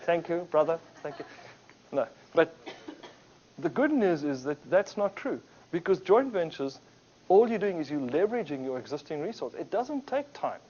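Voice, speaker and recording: A man's voice: on the high side, moderate pace, a little hiss or hum. A man giving an anecdotal business talk to a group, acting out the people in his stories. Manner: animated storyteller, acts out quotes. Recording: dull lo-fi recording.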